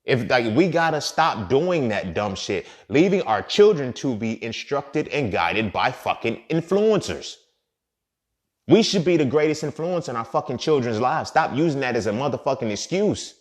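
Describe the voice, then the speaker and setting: A man hosting a podcast and speaking a casual monologue, blunt and profane, repeating his points. He swings from loud emphatic outbursts to quiet muttered asides. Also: medium pitch, very animated, normal speed. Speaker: podcast host.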